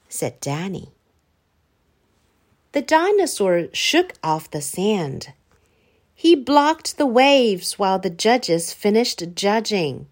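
A woman reading a children's story aloud in an expressive, unhurried way. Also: mid-range voice. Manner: expressive, sing-song, unhurried.

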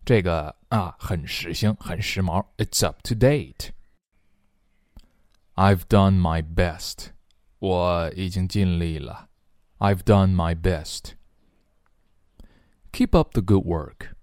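A man teaching English phrases in a slow bilingual drill. He repeats each phrase and explains it in Chinese, acting out its feeling. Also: sits low, a little mellow, no echo, studio quality.

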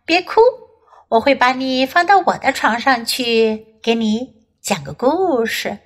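A woman's voice: a little high, lively intonation, unhurried. A woman voicing an eager, caring young child who looks after a pet tiger, in a bilingual children's storybook reading. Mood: caring, scolding. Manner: bright, eager, bilingual repeats.

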